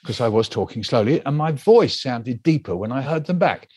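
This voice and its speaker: A man's voice: mid-range voice, lively intonation, normal speed, darkish tone, husky, no room sound. An older man, a guest author, telling a story in an interview and acting out the voices of the people in it.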